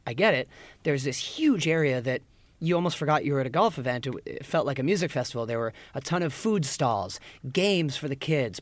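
A man co-hosting a podcast in casual chat, telling stories with animated delivery and mimicking crowd shouts. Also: mid-range voice, no room sound. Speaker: podcast co-host.

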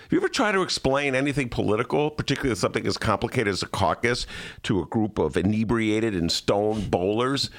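A man's voice: fairly low pitch, brisk. A man hosting a podcast, telling comedic stories in casual chat and acting out the people in them. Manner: animated storyteller who acts out other people. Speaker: podcast host.

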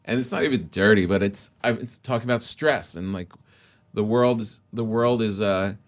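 A man's voice: fairly low pitch, moderate pace. A middle-aged man, a comedian guest in a casual podcast chat, telling stories animatedly and laughing often.

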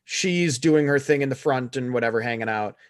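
Podcast co-host: a sarcastic, blunt man, mid-pitched voice, close and dry. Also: brisk, no room sound. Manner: blunt, sarcastic, swears casually. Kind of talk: casual chat reviewing a series.

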